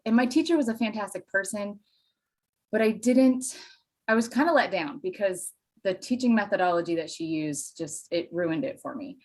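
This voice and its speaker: A woman from Pennsylvania, a Spanish teacher and dairy farmer, chatting as an interview guest with enthusiastic, animated storytelling and self-deprecating asides. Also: medium pitch. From Pennsylvania, USA. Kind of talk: casual interview chat.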